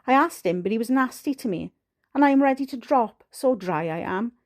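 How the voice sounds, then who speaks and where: A woman's voice: a little high, expressive, fairly quick, darkish tone. A woman with a Welsh accent voicing a wheedling, fake-tearful young girl in an audiobook reading. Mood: coaxing.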